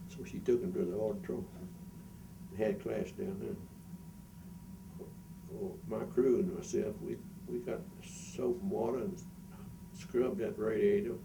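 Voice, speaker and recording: Gravelly older man, mic far off. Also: fairly low pitch. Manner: animated anecdote telling, chuckles. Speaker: interviewee, former school custodian. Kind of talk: storytelling interview. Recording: distant mic with background noise.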